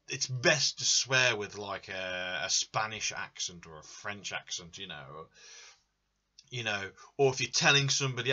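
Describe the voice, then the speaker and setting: A man with a sharp, mid-range voice hosts a drawing livestream in casual chat, greeting viewers by name and murmuring as he reads out their requests. The stream audio is dull and lo-fi.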